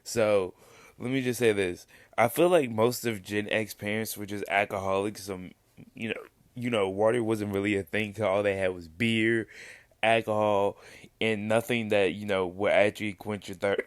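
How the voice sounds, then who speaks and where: A man's voice: lowish voice, steady tone, moderate pace, no room sound. A young man with hiccups, rambling loosely through casual reaction commentary on his vlog. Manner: rambling, loose, self-interrupting. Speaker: reaction vlogger.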